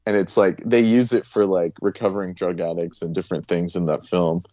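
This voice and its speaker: A man's voice: deep voice, level tone, fairly quick, dark tone, no room sound. A man chatting casually and rambling loosely, with lots of "like". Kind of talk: casual chat. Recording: dull lo-fi dry sound.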